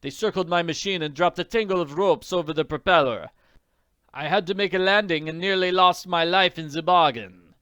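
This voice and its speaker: A man's voice: high voice, normal speed, clear, resonant tone, no echo, pitched above the performer's own voice. A man voicing a hearty gloating mail pilot. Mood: grateful. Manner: gloating, loud.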